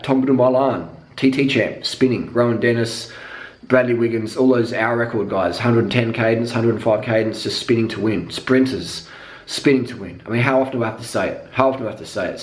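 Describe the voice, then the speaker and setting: Male vlogger, mid-range voice, profane off-the-cuff rant, recorded in a reverberant room. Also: medium pitch. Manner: profane, rambling, emphatic repetition. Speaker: cycling vlogger. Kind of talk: unscripted monologue rant. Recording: echoey room.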